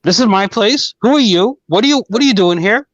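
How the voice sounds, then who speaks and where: Territorial male dog with attitude, put on by the speaker, raised pitch, demanding, muffled audio. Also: lively intonation, a little fast, lightly acted. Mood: indignant. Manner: indignant, demanding. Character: pushy male pet dog, bossy and territorial.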